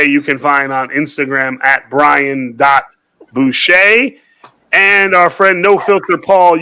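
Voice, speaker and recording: Man, comedy game host, upbeat, bright sharp voice, slightly high. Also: low-quality recording. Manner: upbeat, laughs often. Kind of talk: hosting a comedy game show.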